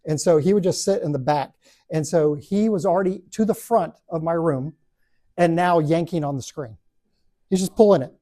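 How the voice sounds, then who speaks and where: A man leads a Bible study and tells stories in an animated, joking way, slipping into other people's voices as he goes. His tone is dark and mellow. He talks to a live group in the room. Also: on the high side, moderate pace. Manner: animated, acts out voices and laughs at own stories. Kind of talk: storytelling talk to a class.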